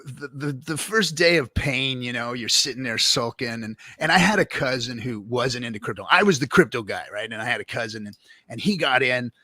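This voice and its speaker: A man's voice: mid-range voice, animated, fairly quick, bright, forceful tone, dry recording, studio quality. A man guest telling his story in a casual, rambling and profane way, full of fillers and restarts.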